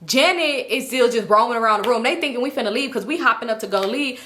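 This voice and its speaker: Young woman, storytime vlogger, lively profane retelling, near-whispered asides, sharp bright voice. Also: fairly high pitch, quick pace. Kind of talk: casual storytime vlog.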